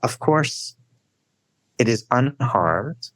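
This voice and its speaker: Animated guy telling stories on a podcast, voice swoops up and down, keeps saying right?. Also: very slow, no echo. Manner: animated storyteller, rising high for emphasis; frequent "right?" tags. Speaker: guest scholar. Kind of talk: storytelling in a podcast interview.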